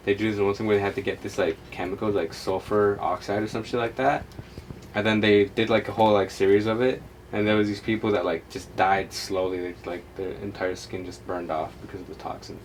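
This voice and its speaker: A man's voice: on the low side, little pitch movement, brisk. A young man co-hosting a podcast in casual chat, laid-back and blunt, swearing casually. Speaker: podcast co-host. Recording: distant mic with faint noise.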